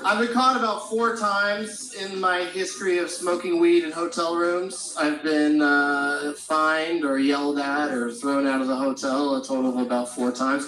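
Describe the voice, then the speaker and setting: A man's voice: on the high side, steady tone, moderate pace. Man doing loose, profane stand-up in a roomy club. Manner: loose, profane, rambling storytelling. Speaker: stand-up comedian. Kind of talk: stand-up comedy set. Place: comedy club stage. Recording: roomy live club sound from a distant mic.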